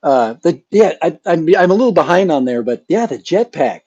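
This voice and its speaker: A man's voice: a little high, very animated, moderate pace, a little mellow, husky, dry recording. A man hosting his channel in a casual live chat, rambling and joking with a chuckle. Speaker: channel host. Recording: dull lo-fi sound.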